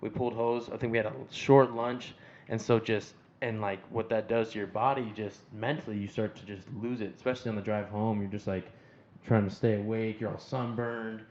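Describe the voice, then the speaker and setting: A man co-hosting a firefighter podcast, telling an animated story in casual chat. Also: on the low side, a little fast. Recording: slightly dull sound with faint noise.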